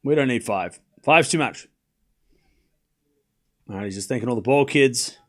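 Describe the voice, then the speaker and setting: A man's voice: medium pitch, normal speed, fairly bright tone. A man hosting a live watchalong, chatting casually with his chat, rambling with frequent fillers and restarts. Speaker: livestream watchalong host.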